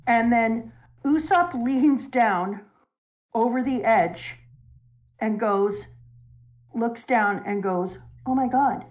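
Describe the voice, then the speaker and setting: A woman in casual chat, recapping a story arc in an animated, emotional way and laughing now and then. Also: mid-range voice, slow.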